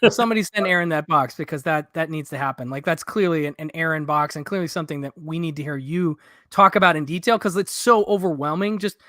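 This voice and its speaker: A man hosts a live stream in an easygoing, chatty way, readily agreeing with his guest. His voice sits a little higher than most men's. The recording is dry and close-miked. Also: fast talker, a bit bright, no echo. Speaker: host. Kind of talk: casual chat.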